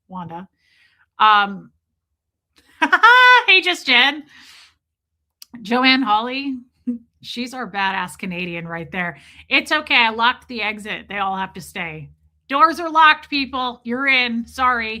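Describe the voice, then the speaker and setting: Bright, chatty woman streamer. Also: on the high side. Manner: chatty, self-mocking, laughs often, greets viewers by name. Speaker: live stream host. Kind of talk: casual live chat reading viewer comments.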